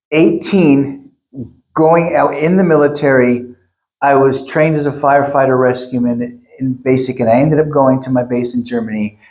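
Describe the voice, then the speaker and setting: A middle-aged male pastor preaching a sermon, telling stories in an animated way and acting out quotes. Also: mid-range voice. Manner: animated storytelling, acts out quotes. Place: church.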